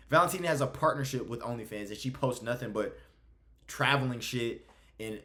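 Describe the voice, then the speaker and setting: A man's voice: medium pitch, fairly bright tone. A young man hosting his own video channel, ranting bluntly and with heavy profanity. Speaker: MMA commentary YouTuber.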